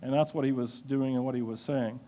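A man giving a sermon-style Bible lesson, halting with many fillers and restarts. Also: medium pitch, fairly even intonation, dark tone. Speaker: Bible teacher.

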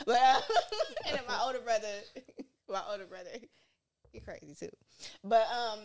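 A woman's voice: a little high, sing-song, fairly quick, a little hiss or hum. Chatty laughing young woman host. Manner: laughs often, loose and chatty. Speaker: podcast host. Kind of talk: casual chat.

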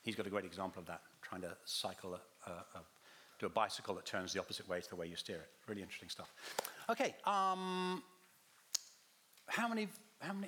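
This time the visiting Bible teacher sounds lowish and sharp. He's teaching a congregation, firing questions at them and starting his sentences over midway.

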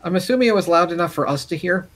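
A man playing a tabletop game, asking quick questions. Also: high-pitched, animated, a bit bright, slight background noise. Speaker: player.

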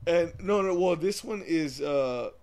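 A man's voice: fairly high pitch, animated, measured pace, darkish tone. Rambling man with a raised voice. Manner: rambling, laughs often, repeats words. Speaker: podcast co-host. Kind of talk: casual chat.

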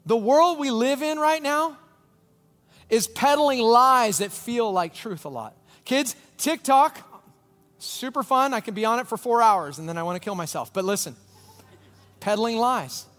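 A man preaching a sermon as pastor, telling a story with lively swings from loud bursts to quiet, intense moments. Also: very high-pitched, measured pace, long reverb tail.

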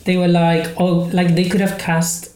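Low-voiced hesitant woman host. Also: monotone, measured pace, mellow. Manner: hesitant, many fillers and "like"s. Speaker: podcast host. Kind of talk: casual interview chat. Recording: roomy echo.

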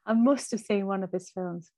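A woman's voice: medium pitch, dark tone, dry recording. A woman co-hosting a podcast, chatting casually, thinking aloud and laughing easily. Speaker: podcast co-host. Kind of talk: casual film chat.

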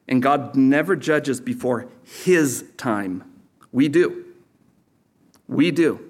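A male pastor delivers a sermon from a church service. His voice sits in a middle register, and he keeps it animated, slipping in jokes between scripture points. He lifts his pitch sharply whenever he wants a line to land. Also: slow pace. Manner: animated, jokey, pitch jumps up for emphasis.

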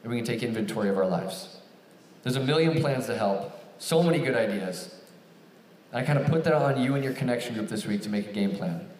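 Lively man preaching in an echoey hall. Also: medium pitch, a little fast, a little hiss or hum. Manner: animated, acts out phone dialogue in raised voices. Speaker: campus ministry speaker. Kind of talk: storytelling sermon to a live audience. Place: large hall with an audience. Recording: echoey hall, picked up from a distance.

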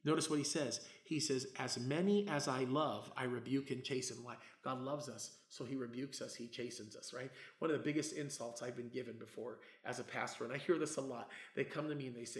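A middle-aged man preaching a sermon as a pastor, talking in a casual, conversational way and swinging between loud, emphatic passages and hushed asides. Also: medium pitch, a little fast, few pauses. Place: church hall. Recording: roomy church echo.

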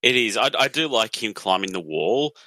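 A man's voice: fairly low pitch, expressive, normal speed, bright, forceful tone, no room sound. A man co-hosting a casual film chat, dry and understated as he picks at plot points. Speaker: podcast co-host.

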